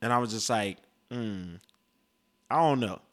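A man's voice: fairly low pitch, unhurried, a bit bright. A young man giving a casual, blunt and profane rant about music, rambling with restarts. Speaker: music commentator.

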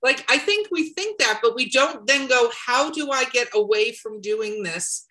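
A woman hosting a casual podcast chat, animated and acting out quotes, with a cough now and then. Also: a little high, moderate pace, low-quality recording. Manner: animated, acts out quotes with shifting voices. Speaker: podcast host and editor.

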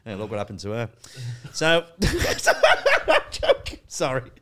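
Lively man spinning rude comedy anecdotes. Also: mid-range voice, slow pace. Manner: swearing, laughing storyteller who acts out voices. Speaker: comedian guest. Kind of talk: casual podcast chat, telling stand-up stories.

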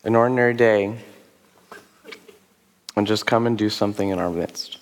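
A man preaching as a pastor, talking in a loose, conversational way with rhetorical questions and fillers, his voice rough from a sore throat. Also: lowish voice, moderate pace, long reverb tail. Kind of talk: sermon with altar call. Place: church service.

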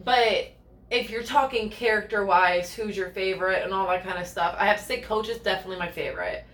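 Outspoken woman from Ohio, blunt swearing banter; sharp bright tone, roomy recording. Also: medium pitch, a little fast. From rural Ohio. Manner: blunt, swears freely, laughs often. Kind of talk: casual chat.

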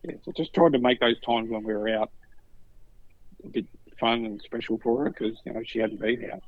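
A man's voice: medium pitch, normal speed, no room sound. An Australian man in middle age tells stories from his own life in a loose, chatty way. He slips into the voices of the people he quotes as he goes. His voice is close and dry, with a slightly dull, muffled tone. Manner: animated, acts out other voices in stories. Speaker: podcast guest. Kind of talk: casual storytelling.

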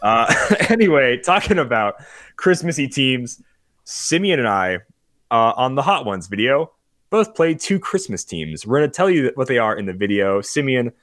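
A man's voice: mid-range voice, very animated, moderate pace, a bit bright, no echo, studio quality. A man co-hosting a casual podcast, playful and teasing. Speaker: podcast co-host.

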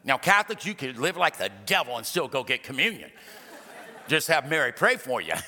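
A man's voice: medium pitch, sing-song, brisk, bright, forceful tone. A middle-aged man preaching a sermon as pastor, emphatic and repetitive, with humorous asides. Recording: long reverb of a large hall.

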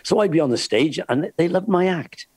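A man who works as a singer and entertainer on cruise ships, telling lively anecdotes with plenty of laughs and acted-out voices. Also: fairly high pitch, moderate pace, husky, dry recording. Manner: lively storyteller, laughs often, acts out voices in his stories.

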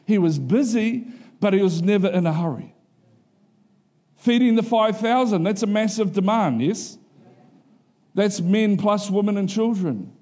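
Talking a little slowly and pausing often, a middle-aged pastor delivers a laid-back, conversational sermon. He keeps asking the congregation if they're with him, and he performs quotes in a raised, lively voice.

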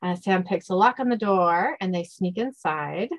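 A woman's voice: fairly low pitch, lively intonation, moderate pace. A woman hosting a podcast, reading out a scene-by-scene story recap in a casual way and laughing and stumbling over words now and then. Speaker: podcast host.

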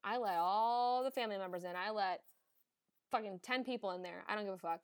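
A woman's voice: mid-range voice, brisk, clear, resonant tone, no room sound, clean studio sound. Frank, foul-mouthed woman nurse host. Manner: frank, emphatic, swears freely. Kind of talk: candid casual chat.

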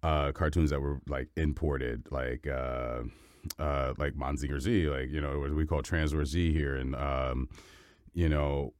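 A man in his fifties from Cleveland with an extremely low, rumbling bass voice. He talks in a loose, wandering way, circling back and correcting himself. The sound is dry and close. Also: steady tone, a little slow, darkish tone, no echo. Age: 50s. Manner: digressive, full of restarts and asides. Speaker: voice actor and guest. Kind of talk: rambling interview answer.

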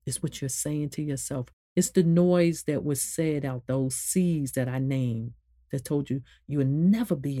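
A woman meditation therapist giving a spoken motivational talk in a conversational way, repeating phrases and swinging from low to high emphasis. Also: mellow, dry recording, studio quality.

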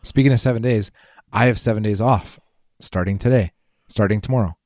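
Low-voiced joking podcast guy. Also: brisk, darkish tone, no room sound, clean studio sound. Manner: joking, profane, teasing. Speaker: podcast co-host. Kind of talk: casual chat.

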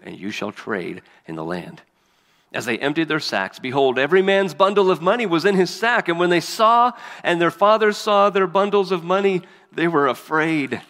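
A man's voice: mid-range voice, fairly bright tone. A man reading scripture aloud and preaching as a pastor, earnest and emphatic. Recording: long hall reverb.

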